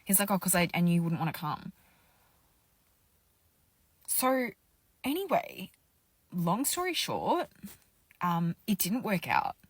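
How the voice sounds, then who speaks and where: A young woman casually telling a dating storytime, animated and exasperated, with loud outbursts and confiding asides. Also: on the low side, takes it slowly, long pauses, husky, dry recording.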